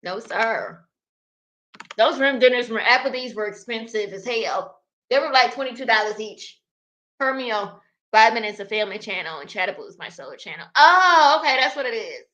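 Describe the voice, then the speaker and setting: Bright-voiced chatty woman livestreaming. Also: on the high side, expressive, brisk. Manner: chatty, laughs often, talks to viewers as y'all. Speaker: livestream host reading chat. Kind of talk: casual livestream chat.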